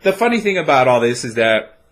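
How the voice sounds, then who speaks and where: A man's voice: mid-range voice, very animated, fairly quick, a crowd in the background. A man from the United States co-hosting a casual webcam chat show, rambling and swearing freely. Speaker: co-host. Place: home webcam setup.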